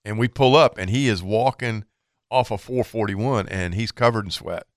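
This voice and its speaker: A man's voice: lowish voice, normal speed, no room sound, studio quality. A middle-aged man, telling a hunting story in casual chat and acting out the sounds. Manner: animated storytelling, acts out quotes and sounds.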